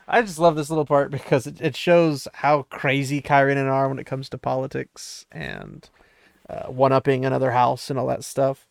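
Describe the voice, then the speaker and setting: A man casually recapping a book chapter and reading passages aloud, chatty and quick to laugh. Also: mid-range voice, gravelly, no room sound, studio quality. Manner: chatty, laughs often, many fillers.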